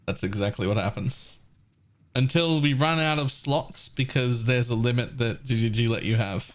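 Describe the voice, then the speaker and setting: A man streaming a game live in a relaxed, chatty way, with a mid-range voice. He curses offhandedly and explains his choices to his viewers as he plays. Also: mid-range voice, normal speed. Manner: relaxed, answers chat questions, swears casually. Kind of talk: casual live gameplay commentary.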